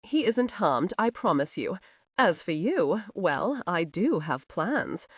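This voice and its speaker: A woman voicing a disguised male highwayman who gives curt, commanding orders with mock menace. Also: sing-song, slow pace, slightly rough, no room sound, studio quality, heavily acted.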